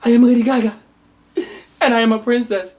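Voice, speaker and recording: A woman's voice: on the high side, slow pace, a little mellow, voice pushed up. A woman voicing a runaway young princess who gasps out dramatic, tearful exclamations. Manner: melodramatic, gasping exclamations.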